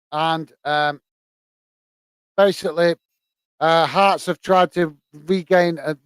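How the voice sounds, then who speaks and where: A man's voice: a little high, clean tone, dry recording. A man from the UK hosting a live football watch-along, tired and rambling with lots of fillers. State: tired, yawning.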